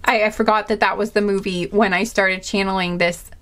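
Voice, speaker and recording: A woman reading tarot cards to camera in a casual, rambling way, excitable and full of filler words. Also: medium pitch, a little fast. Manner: chatty and rambling, with many "like" fillers; excitable, easily amazed. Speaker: tarot card reader and channeler.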